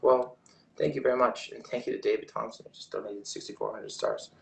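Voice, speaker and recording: A man's voice: on the low side, huge pitch swings, fairly quick, gravelly, echoey room. A man hosting a casual livestream, reading viewer comments aloud in a rambling way with frequent restarts. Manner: rambling, restarts often, reads chat aloud. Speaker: livestream host.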